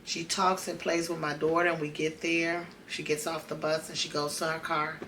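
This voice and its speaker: A woman's voice: sits low, level tone, normal speed, a bit bright, slight background noise. A woman, host of a podcast, telling a personal story in a conversational, emotional way and acting out the dialogue. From Chicago.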